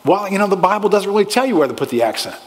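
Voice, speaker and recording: A man's voice: sing-song, very fast. Emphatic male pastor in a reverberant hall. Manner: emphatic preaching, rising pitch on key phrases, asks the congregation questions. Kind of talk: sermon. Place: church sanctuary.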